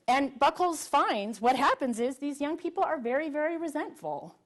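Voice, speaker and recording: Middle-aged woman with a higher voice, speaking to a library audience: earnest, emphatic, questions drawn out. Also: sing-song, moderate pace, few pauses. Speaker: public speaker. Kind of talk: public talk to a live audience. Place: library event room with audience.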